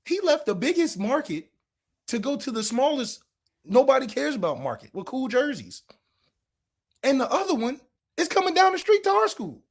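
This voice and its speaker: A man co-hosting a sports podcast, ranting and trash-talking with sarcastic rhetorical questions and sometimes shouting. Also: very high voice, big pitch swings, normal speed, vocal fry. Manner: shouts at peaks. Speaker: podcast co-host.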